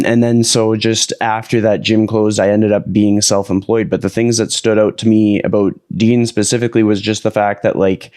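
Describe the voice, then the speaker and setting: Relaxed low-voiced man hosting a podcast. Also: clear, resonant tone, dry recording, clean studio sound. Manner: relaxed, many fillers like "like" and "kinda". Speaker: podcast host. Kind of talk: casual conversation.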